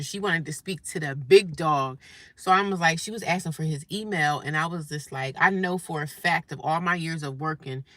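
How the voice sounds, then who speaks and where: A woman's voice: fairly low pitch, sharp tone, no echo. A woman from New Jersey telling a blunt, profane story about a rude customer, laughing often and mimicking callers in exaggerated voices. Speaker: vlogger. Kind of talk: casual storytelling rant.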